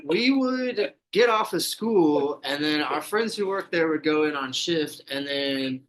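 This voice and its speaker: Male podcast guest, somewhat high pitch, relaxed profane anecdotes, faint hiss behind. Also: measured pace, poor audio. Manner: laid-back, profane storytelling. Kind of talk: casual chat.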